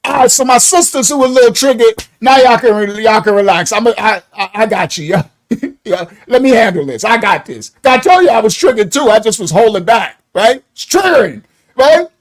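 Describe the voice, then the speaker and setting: A man hosting a live online ministry stream, commenting on a video in an animated way, laughing often and breaking off to apologize. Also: sits high, a little fast, low-quality recording.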